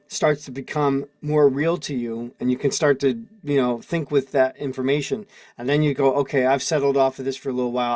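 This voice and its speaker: A man with a mid-range, slightly mellow voice hosts a casual livestream, heard through a video call microphone. He preaches in strings of rhetorical questions and answers chat comments.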